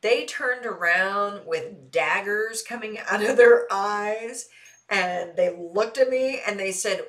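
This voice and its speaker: A woman's voice: medium pitch, slow, fairly bright tone. A woman from the Midwest with a Midwestern accent and a light Texas Southern twang, chatting casually and animatedly with her live-stream audience and laughing easily. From American Midwest. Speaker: streamer answering chat.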